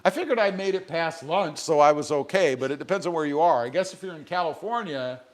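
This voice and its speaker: A man's voice: fairly high pitch, animated, quick pace. Joking man hosting a live stream. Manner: joking, rambling, reads viewer comments aloud. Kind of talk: casual live stream chat reading comments. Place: home garage.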